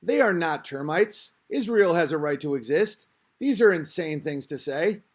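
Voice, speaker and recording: A man's voice: fairly high pitch, expressive, moderate pace. A man hosting a podcast, talking in a rambling, crude, self-interrupting casual rant. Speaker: podcast host.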